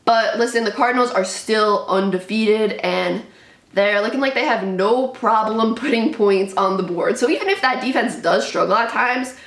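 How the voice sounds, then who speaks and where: A woman's voice: on the high side, moderate pace, a bit bright. A young adult woman giving casual, opinionated sports commentary as a show host, chatty and full of fillers. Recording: roomy echo.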